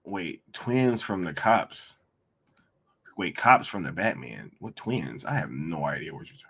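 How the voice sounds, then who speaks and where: A young man hosting a live stream, chatting casually and mocking online critics in slangy, animated talk with frequent laughter. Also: low-pitched, measured pace, slightly rough.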